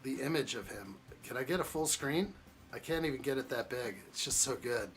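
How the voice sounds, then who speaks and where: A man's voice: mid-range voice, lively intonation, a little fast, fairly bright tone, faint music behind. A man hosting a live building stream, chatting casually and jokingly with viewers as he reacts to the chat. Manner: jokey, chuckling, reacts to chat.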